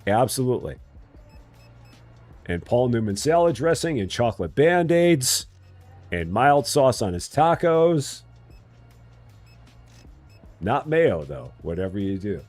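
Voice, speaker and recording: This man streams a game live in a darkish mid-range voice, speaking slowly and pausing often over a dry recording. Chatting with viewers, he cracks jokes, needles his chat, and breaks into sing-song bits, with faint music in the background.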